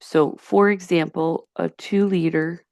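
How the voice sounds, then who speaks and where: A woman with a Yonkers accent teaching high school chemistry in a recorded slideshow lecture, chatty and digressive, often restarting her sentences. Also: fairly even intonation, unhurried, darkish tone, no echo, clean studio sound. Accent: Yonkers, New York. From Yonkers, New York.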